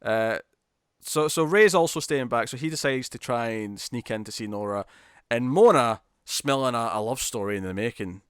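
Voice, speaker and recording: Male co-host, casual TV chat, excitable retelling, mid pitch, dry close sound. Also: clear, resonant tone, no echo. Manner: animated, laughing, quick retelling with acted quotes. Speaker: podcast co-host. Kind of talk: casual chat about TV episodes.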